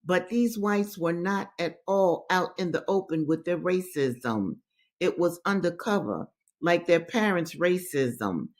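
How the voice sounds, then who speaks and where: A woman reading aloud and commenting to her audience at an unhurried, deliberate pace. She presses her points by repeating key phrases and talks straight to her listeners as brothers and sisters. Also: lowish voice, animated. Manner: emphatic, repeats phrases for stress.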